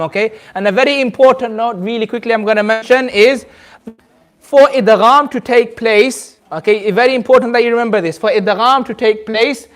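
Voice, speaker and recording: A man teaching a Quran recitation class in a community centre, leading call-and-response drills. He patiently repeats rules and draws recited words out slowly. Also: high-pitched.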